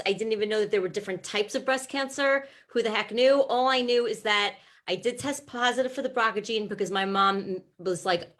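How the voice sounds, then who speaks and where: A woman with a fairly high voice tells her personal story as a talk show guest. She speaks in a chatty, heartfelt way and often restarts her sentences with fillers. She is a breast cancer advocate. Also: a bit bright.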